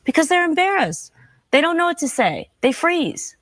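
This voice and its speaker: A woman speaking as a commentator in a broadcast news discussion, earnest and measured as she explains. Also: very high-pitched, sing-song, no echo.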